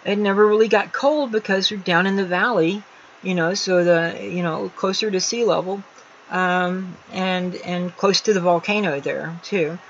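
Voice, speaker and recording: A woman's voice: lowish voice, fairly even intonation, moderate pace, slight background noise. A woman hosting a casual livestream from a room at home, rambling along with many fillers and restarts. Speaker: livestream host. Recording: slightly dull lo-fi home stream audio.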